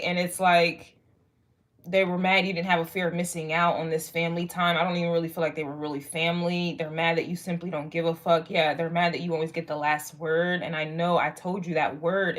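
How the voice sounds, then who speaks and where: A young woman giving a casual spoken astrology reading to viewers, rambling and frank, swearing freely and filling pauses with "like" and "um". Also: lowish voice, fairly even intonation. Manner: rambling, frank and profane, lots of fillers. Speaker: tarot and astrology reader.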